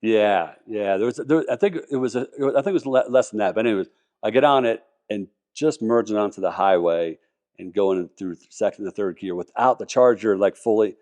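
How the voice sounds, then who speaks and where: A man's voice: lowish voice, brisk, a little mellow. A man talking casually as a podcast guest, enthusiastic and rambling, with many restarts. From Colorado, US. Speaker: podcast guest, car collector. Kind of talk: casual interview talk.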